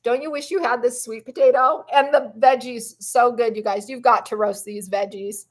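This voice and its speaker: A woman's voice: on the high side, steady tone, moderate pace. A woman hosting a live stream on plant-based eating, talking in an effusive, encouraging and emotional way. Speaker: plant-based lifestyle vlogger. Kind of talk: live-stream motivational chat.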